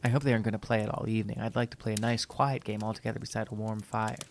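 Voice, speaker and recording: A man voicing a kind older woman in a spoken story, talking softly in a near-whisper. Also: lowish voice, little pitch movement, very fast, vocal fry, slight background noise. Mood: uneasy. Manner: soft, whispery. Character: kindly older woman, gentle, uneasy.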